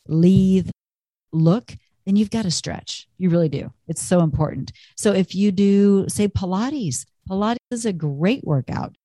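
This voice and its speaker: A woman's voice: on the low side, dark tone, dry recording, studio quality. A woman fitness instructor giving an upbeat, chatty talk on stretching and endurance, encouraging listeners and laughing at herself.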